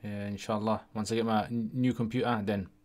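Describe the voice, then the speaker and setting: A man's voice: lowish voice, level tone, fairly quick, darkish tone. A man hosting a casual livestream Q&A, chatty and often tagging his sentences with "yeah?". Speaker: livestream host answering questions.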